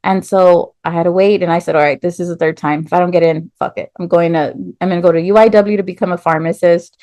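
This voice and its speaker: A woman's voice: lowish voice, fast, dry recording. Woman telling her story on a podcast, lots of likes and ums, dry close sound. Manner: animated storyteller, acts out quoted voices, many "like" and "um" fillers. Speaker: podcast guest, nurse and business owner. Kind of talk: casual storytelling interview.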